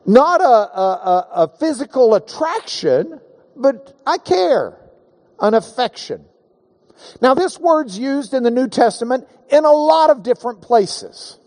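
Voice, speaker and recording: A male preacher delivering a sermon in a high, lively voice that climbs and dips with emphasis. He speaks slowly and deliberately, drawing listeners in with questions and a bit of self-deprecating humor. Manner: emphatic, engages the audience with questions and call-and-response.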